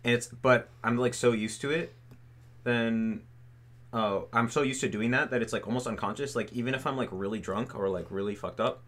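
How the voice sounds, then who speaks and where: A young streamer answers his chat's questions in loose, casual talk packed with fillers and "like"s. His voice is medium in pitch and a bit bright, moving at a moderate pace.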